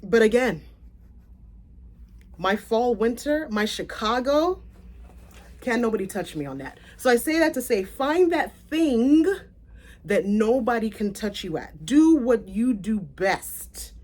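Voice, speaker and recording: A woman raised in South Florida, talking casually to her viewers in a vlog, animated and chatty, laughing and correcting herself as she goes. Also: a little high, slow. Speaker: content creator.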